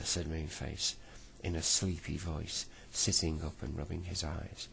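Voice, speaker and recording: Deep gravelly bedtime storyteller man. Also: little pitch movement, fairly bright tone, slight background noise. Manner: slow, unhurried reading with small slips.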